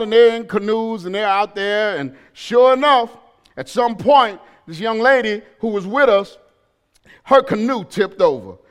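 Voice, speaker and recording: A male pastor delivers his sermon in a strikingly high voice with a bright, sharp edge. He tells a story at an easy pace, then swells into loud, emphatic preaching. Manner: storytelling that builds to shouted preaching.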